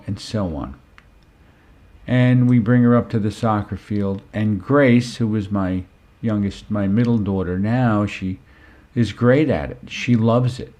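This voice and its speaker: Slow, unhurried male storyteller. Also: mid-range voice, warm tone. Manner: unhurried, conversational, frequent "you know". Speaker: parenting and classroom speaker. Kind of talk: storytelling talk.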